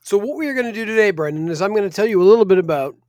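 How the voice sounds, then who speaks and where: Male podcast co-host, eager fan energy, very animated pitch. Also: very fast, no room sound. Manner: enthusiastic, teasing. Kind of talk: casual podcast chat.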